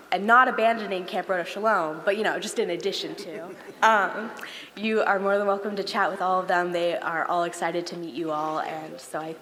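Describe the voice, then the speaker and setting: A woman's voice: mid-range voice, fairly bright tone. A woman leading a camp service who thanks the congregation and introduces camp guests, with a friendly, filler-heavy way of talking. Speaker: camp program leader. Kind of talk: congregation announcements. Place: synagogue sanctuary. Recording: long reverb of a large hall.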